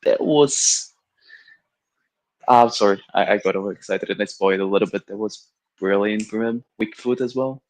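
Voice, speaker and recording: A man's voice: lowish voice, fairly even intonation, quick pace, no echo, poor audio. A man co-hosting a live football watch-along, firmly arguing tactics in casual chat. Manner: argumentative, explains tactics firmly.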